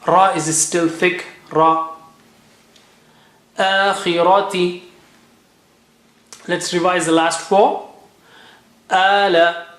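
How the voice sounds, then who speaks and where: A man's voice: sits high, level tone, slow, a bit bright. A man teaching Quran recitation in a classroom lesson, patiently repeating letter sounds and words for students to copy.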